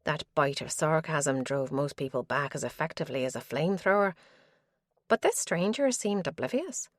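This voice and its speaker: Woman narrator with a low, measured delivery and a dry, close sound. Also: expressive, dry recording. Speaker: audiobook narrator. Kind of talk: audiobook narration.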